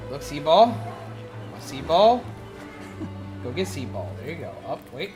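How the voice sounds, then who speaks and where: Goofy male game streamer, high and very animated, with game music under him. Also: a little slow. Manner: excitable, goofy, talks to his pet bird. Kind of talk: casual livestream chat.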